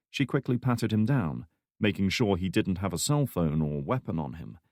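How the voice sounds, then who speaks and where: A man narrating a thriller audiobook in a steady, measured way. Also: lowish voice, no echo, clean studio sound. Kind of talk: scripted narration.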